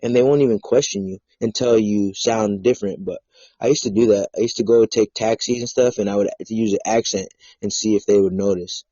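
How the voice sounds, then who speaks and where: A man's voice: fairly low pitch, fairly even intonation, a little fast, mellow, no echo, lo-fi sound. A man hosting a podcast in casual chat over a video call, blunt, profane and joking. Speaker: podcast host.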